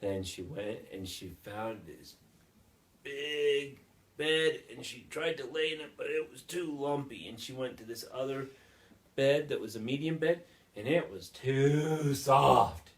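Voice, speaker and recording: A father telling a playful, made-up bedtime story to his child, swinging between soft and loud. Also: mid-range voice, expressive, normal speed, reverberant.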